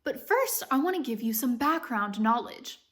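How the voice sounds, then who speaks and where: Woman, Ohio accent, teacher, high voice, lively questions to kids, children's read-aloud. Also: normal speed. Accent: Ohio American. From Ohio, United States. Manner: animated, asks the listener questions, dips into a light British accent while reading.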